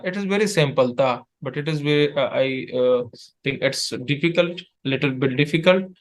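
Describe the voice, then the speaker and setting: A man teaching letters in an online lesson, patiently repeating sounds in halting English. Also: medium pitch. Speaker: Arabic tutor. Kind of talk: one-on-one online language lesson.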